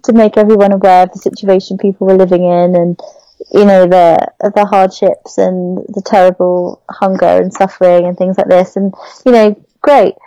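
A young Englishwoman talks casually about a novel, frank and critical in her opinions. Her voice is mellow and warm. The sound is close and dry. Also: mid-range voice, flat delivery, moderate pace, no room sound, lo-fi sound. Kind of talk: casual book discussion.

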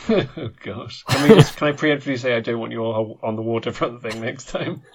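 A man's voice: mid-range voice, brisk, darkish tone, husky. A man co-hosting a podcast, wry and playful in casual chat, laughing often. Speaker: podcast co-host.

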